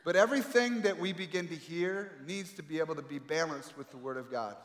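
A man preaching a sermon with emphatic delivery and dramatic pauses, swinging between loud calls and quiet asides. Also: a little high. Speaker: pastor. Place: large echoey hall. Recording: echoey hall with long reverb.

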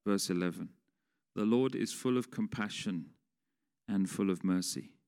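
Speaking in a deep, darkish voice at a measured pace, this man delivers a conversational sermon and poses questions to his congregation. A large hall's long reverb surrounds the recording.

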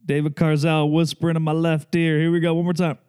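Podcast host, young man, mellow, loose joking ramble. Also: fairly high pitch, little pitch movement, a little fast, clear, resonant tone. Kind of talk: casual chat.

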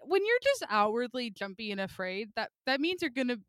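A woman's voice: fairly high pitch, very animated, a little fast, fairly bright tone, clear, resonant tone, no echo, clean studio sound. A young woman from Washington State, co-hosting a casual podcast chat in a playful, teasing way with frequent laughter. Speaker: podcast co-host.

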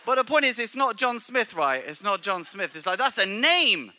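A middle-aged male pastor preaching a sermon in a church, animated and joking, with stammered restarts. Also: high voice, moderate pace.

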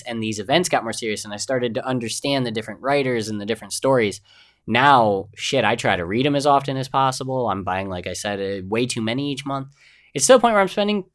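A man's voice: mid-range voice, a bit bright. Rambling, chatty male podcast host. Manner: rambling, chatty, easily sidetracked. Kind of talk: casual solo podcast chat.

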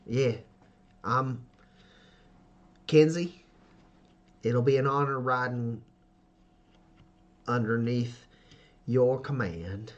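A man voicing a stiff, timid young woman warrior who is a dutiful daughter, with a hesitant, halting, deferential manner. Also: medium pitch, dull audio.

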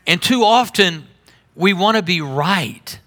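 A middle-aged male pastor preaching a sermon in a conversational way, dropping low and quiet, then rising sharply. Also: animated, slow. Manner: conversational preaching with sudden drops and rises in volume.

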